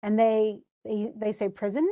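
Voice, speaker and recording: A woman's voice: mid-range voice, little pitch movement, a little slow, mellow, dull audio. Woman casually retelling a play. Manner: paraphrases lines in everyday speech, many fillers. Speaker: teacher.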